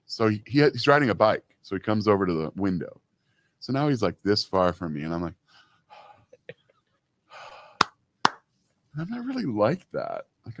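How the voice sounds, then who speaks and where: A man in his fifties co-hosts a relaxed talk show and tells stories at length, sprinkling in "you know" as he goes. His voice sits very low, and the recording is dry and close, with no room sound. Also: no room sound. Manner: chatty storyteller, many "you know" fillers. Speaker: co-host. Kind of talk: casual radio-style chat.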